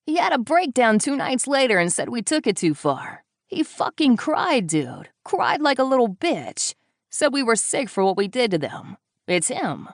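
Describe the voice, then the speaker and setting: A woman's voice: a little high, big pitch swings, moderate pace, no echo, clean studio sound, voice pushed up. A woman voicing a crude young man who talks in an angry, emphatic rush of swearing.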